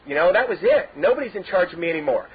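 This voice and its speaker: A man's voice: high-pitched, lively intonation, quick pace, crowd noise. A middle-aged man from Southern California giving a personal testimony at a recovery meeting, rambling with many "you know" fillers and laughing through his own stories. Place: meeting hall. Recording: dull lo-fi tape recording.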